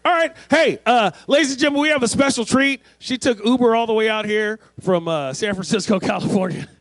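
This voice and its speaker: High-voiced man emceeing a comedy stage. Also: a little fast, fairly bright tone, no echo. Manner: loose, hype-up emcee patter. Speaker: comedy show host. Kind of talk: introducing a comedian. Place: outdoor festival stage.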